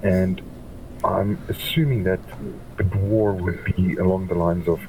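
A man's voice: deep voice, steady tone, measured pace. A man narrating as game master, playful and laid-back. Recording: distant mic with faint background noise.

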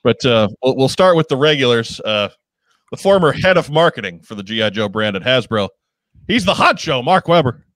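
A man's voice: medium pitch, very animated, normal speed, a bit bright, dry recording. A man hosting a casual live video chat show, joking and often restarting his sentences. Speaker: host.

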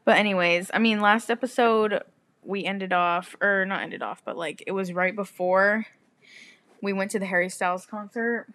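A woman's voice: mid-range voice, moderate pace, fairly bright tone. A young woman from Texas hosting a podcast, talking bluntly in casual chat with heavy swearing. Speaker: podcast host.

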